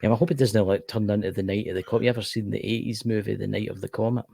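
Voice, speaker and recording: A man's voice: lowish voice, fairly even intonation, racing, vocal fry, mellow, slightly rough, dry recording, clean studio sound. A man co-hosting a podcast, chatting casually and rambling, often repeating himself. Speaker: podcast co-host. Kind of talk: casual chat.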